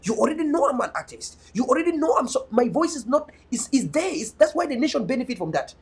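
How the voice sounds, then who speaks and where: Slight background noise sits behind this extremely high, sing-song male voice, which moves fast. The speaker, a young activist and online media host from Bui in Cameroon's North West, gives a fervent, emphatic political monologue and keeps restarting.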